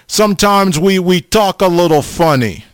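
A man preaching an informal sermon, slow and halting, often pausing and restarting as he addresses his listeners. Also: high-pitched, animated, smooth, no echo. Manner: slow, halting, repeats the audience name often.

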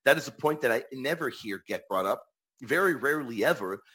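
A man's voice: medium pitch, animated, a little fast, fairly bright tone, slightly rough. A man answering viewer questions on faith in a casual live talk, emphatic and repeating his key phrases.

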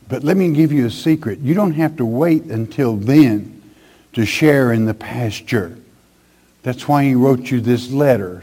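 Man preaching a sermon, folksy and emphatic, keeps saying okay, mid-pitched voice. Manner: reads scripture loudly, drops to a soft tone for comfort. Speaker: pastor. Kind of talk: Bible-teaching sermon.

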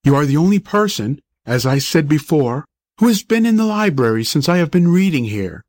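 A man's voice: a little high, big pitch swings, moderate pace, darkish tone. A man voicing a pompous, irritable old doctor who talks in a stern, lecturing way. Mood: indignant.

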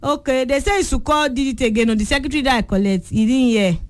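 A woman's voice: sits high, fast talker. A young Nigerian woman with a Yoruba-influenced accent hosting a call-in radio show, chatty and bubbly, slipping in and out of Yoruba. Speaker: radio presenter taking callers. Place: radio studio.

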